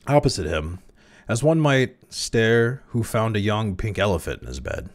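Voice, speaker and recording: A man reading a short story aloud, with lively delivery and amused asides. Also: lowish voice, moderate pace. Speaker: reader.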